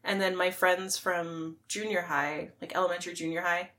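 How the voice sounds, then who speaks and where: A woman's voice: lowish voice, fairly even intonation, normal speed, sharp tone. A woman co-hosting a casual podcast chat, telling stories about an old job in a loose, joking way and laughing often. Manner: chatty, storytelling, laughs often. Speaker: podcast co-host.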